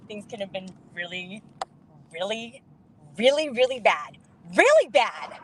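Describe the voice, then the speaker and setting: A woman's voice: mid-range voice, measured pace, low-quality recording. A middle-aged woman telling an indignant story to camera in a casual vlog, acting out the voices of the people in it. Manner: animated, indignant, acts out quoted voices.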